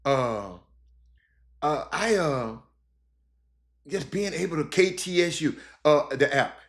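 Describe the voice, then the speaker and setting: A man's voice: on the high side, animated, takes it slowly. A middle-aged man, talking casually to viewers as a sports host, rambling with lots of fillers and restarts. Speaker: sports broadcaster and show host. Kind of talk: casual live-stream chat with viewers.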